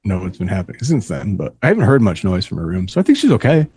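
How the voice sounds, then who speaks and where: A low-voiced man from upstate New York co-hosts a casual podcast and keeps up a dry, teasing humor. The sound is close and dry, with no room around it. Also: sing-song, fast, darkish tone, husky, dry recording. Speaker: podcast co-host.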